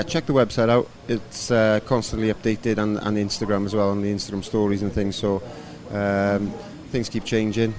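A man in his thirties, a rugby coach, answering interview questions in a relaxed, rambling way with lots of fillers. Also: fairly low pitch. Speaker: rugby coach and former player.

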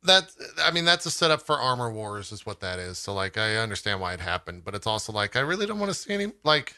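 A man's voice: fairly low pitch, big pitch swings, fast talker, sharp tone, clean tone, dry recording, clean studio sound. A man co-hosting a podcast, chatting casually in a rambling way with frequent laughter. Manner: rambling, many fillers and restarts, laughs often. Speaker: podcast co-host. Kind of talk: casual chat.

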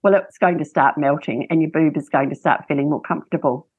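A woman's voice: deep voice, fast, a little mellow, breathy edge, dry recording, highs cut off. A woman, a breastfeeding expert giving chatty, practical advice and telling anecdotes in an interview. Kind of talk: casual interview chat.

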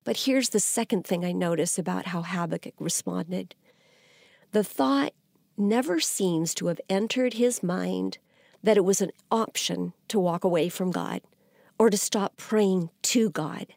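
A woman's voice: fairly low pitch, measured pace, gravelly, darkish tone, no room sound, studio quality. A woman giving an earnest podcast Bible teaching, her voice climbing when she voices a prophet's cries.

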